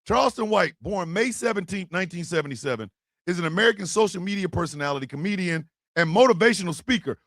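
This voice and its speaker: This comedy podcast host delivers a profane, mocking rant punctuated by bursts of laughter, speaking close to the mic. He talks fast in a high-pitched voice with lively intonation, while crowd and background noise can be heard.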